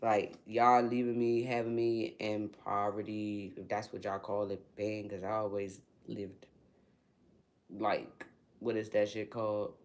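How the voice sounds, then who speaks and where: This unscripted livestream rant comes from a female spiritual reader who is blunt and profane. Her voice lurches from quiet muttering up to loud, shrill outbursts.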